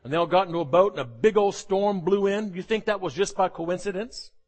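A man preaching a sermon, animated and jokey, often acting out the voices of the people he quotes. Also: sits high, brisk. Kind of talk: sermon with humorous asides.

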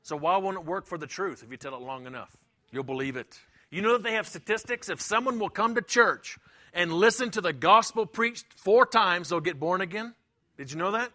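A middle-aged man preaching a sermon in a high, bright voice. He talks with emphasis and repeats his points. Now and then he acts out the voices of the people he quotes. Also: fairly quick. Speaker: pastor.

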